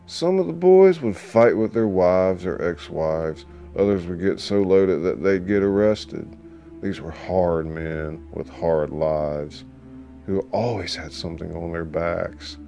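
A man's voice: sits low, warm tone. A man narrating a story in a dramatic, emphatic audiobook style. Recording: faint background music.

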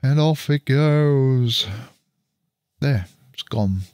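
A man's voice: mid-range voice, very slow, a little mellow, clean tone, no room sound. A man chatting casually as he walks through a computer setup on screen, thinking aloud as he works, recorded on a studio mic through an audio interface. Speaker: channel host.

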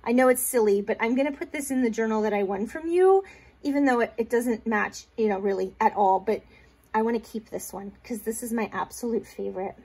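On her crafting vlog, a woman proudly displays gifts she got in the mail, gushing and rambling with plenty of fillers and false starts while trying not to cry. Her voice runs high, a little mellow and slightly rough.

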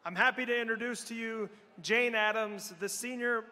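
High, bright-voiced male host in a hall. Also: steady tone. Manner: formal, measured. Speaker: event host. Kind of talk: introducing speakers. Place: large hall. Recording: echoey hall.

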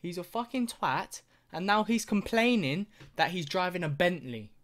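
A man's voice: sits high, animated, moderate pace, fairly bright tone. A young man ranting through a reaction video, swearing constantly and mocking what he sees.

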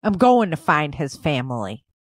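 A woman's voice: deep voice, very animated, moderate pace, no room sound, studio quality, pitched below the performer's own voice. Woman reading as a curt male army major. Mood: grim. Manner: curt, commanding. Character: grieving determined male military major.

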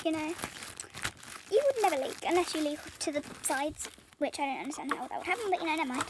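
A teenage British girl with a very high voice talks softly and rambles in a casual vlog, breaking into little giggles. Loud crinkling and rustling of packaging sits clearly behind her words. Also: background noise. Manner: soft-spoken, rambling and giggly. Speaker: vlogger. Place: bedroom floor strewn with stationery.

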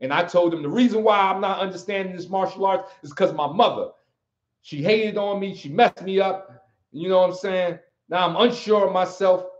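This high-pitched American man talks at a normal speed while hosting a livestream. A martial arts teacher, he gives a forceful, preachy pep talk and keeps hammering the same key phrases. The recording is roomy and somewhat dull.

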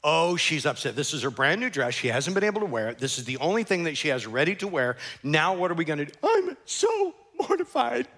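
A man's voice: a little high, expressive, fast, few pauses, pushed and bright. A male pastor preaching a sermon, telling a story animatedly and acting out characters and sound effects.

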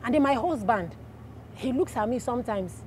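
A woman with a Nigerian accent giving a casual testimony, telling her story in a lively way and acting out the voices of the people in it. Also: on the high side, normal speed, crowd noise. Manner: animated storyteller, acts out quoted voices.

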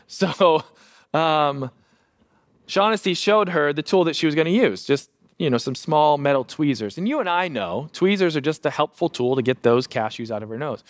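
A man in his thirties, a pastor preaching a sermon and telling a lively family story with self-deprecating humor. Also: on the high side, normal speed, no echo, studio quality.

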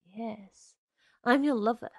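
A menacing young man who coaxes and insists, slow and gravelly, read by a woman. The voice stays dry and close, with no room around it. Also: fairly high pitch, dry recording, muffled recording. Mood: menacing, coaxing. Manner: coaxing, insistent.

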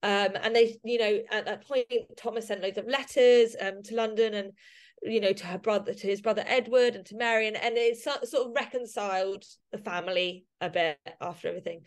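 A woman's voice: mid-range voice, brisk. A woman guest on a casual podcast interview, talking emotionally with many fillers and restarts. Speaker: podcast guest, society member.

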